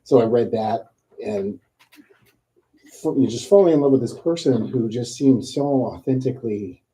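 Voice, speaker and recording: A man from the audience who is invited up and shares a personal memory, hesitant and soft-spoken, with frequent fillers. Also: mid-range voice, moderate pace, low-quality recording. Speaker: audience member. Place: bookstore event room.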